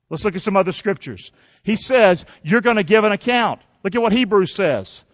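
A man with a high voice preaches from the pulpit in a lively, folksy style, urging his congregation to answer and repeat lines with him. The recording is dull and lo-fi. A long reverb trails each phrase. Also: normal speed. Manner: energetic, call-and-response preaching with folksy asides. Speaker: pastor. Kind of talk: sermon. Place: church.

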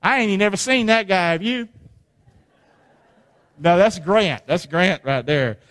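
High-voiced, lively preacher. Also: male voice, a little slow. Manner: animated, call-and-response with the congregation. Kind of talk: sermon. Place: church hall. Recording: long hall reverb.

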